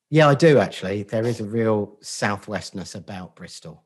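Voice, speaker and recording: A man's voice: lowish voice, lively intonation, normal speed, hardly any pauses. A middle-aged man with a Portsmouth accent, a podcast guest talking casually in a sweary, self-deprecating, joking way. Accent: Portsmouth English. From Portsmouth, England. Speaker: podcast guest, agency founder. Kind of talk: casual interview chat.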